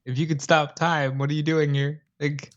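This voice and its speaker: Wry, joking podcast co-host. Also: male voice, fairly high pitch, flat delivery, highs cut off. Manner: wry, quick joking asides. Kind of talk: casual commentary chat.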